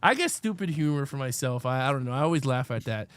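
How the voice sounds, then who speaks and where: Brief: animated male podcast co-host, bright, lively pitch, dry close sound, laughs easily. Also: fast talker, clear, resonant tone, no room sound. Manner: animated, laughing often, reenacts movie lines. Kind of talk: casual live film review chat.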